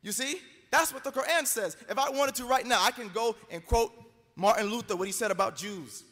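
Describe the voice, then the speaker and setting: American man, debater, bright and forceful, pressing his points, echoing hall. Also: high-pitched, brisk. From United States. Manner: emphatic, argumentative, quotes scripture. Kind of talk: live debate speech. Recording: long hall reverb.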